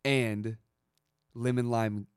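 A man's voice: mid-range voice, steady tone, drawn-out words, clean tone, dry recording, clean studio sound. A man hosting a podcast, chatting casually with slang and jokes. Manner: laid-back, joking, Southern slang. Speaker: podcast host. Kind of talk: casual chat.

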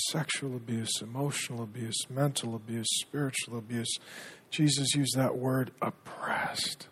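Middle-aged pastor guy preaching, husky voice, earnest, gets hushed in the stories. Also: medium pitch, steady tone, moderate pace. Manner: earnest, drops to a hushed tone when telling stories. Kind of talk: sermon.

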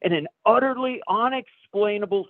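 A pastor telling a personal story in a sermon, a lively storyteller who acts out the dialogue. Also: male voice, high-pitched, normal speed, no echo. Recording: dry, phone-like radio broadcast.

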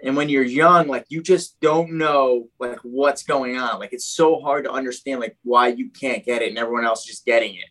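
A man's voice: medium pitch, moderate pace, hardly any pauses, fairly bright tone, poor audio. A man from New Jersey telling his life story in a casual, rambling way, packed with "like" and "you know".

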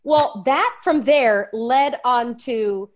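This woman, an interview guest, talks very slowly in a fairly high pitch. Her personal story is emotional and candid, and she performs the quoted voices of everyone involved with expressive flair.

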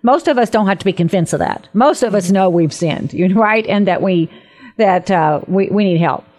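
A woman's voice: mid-range voice, animated, moderate pace, darkish tone. Earnest woman leading a prayer on air. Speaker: co-host of a Christian radio talk show. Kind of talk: faith talk with a spoken prayer.

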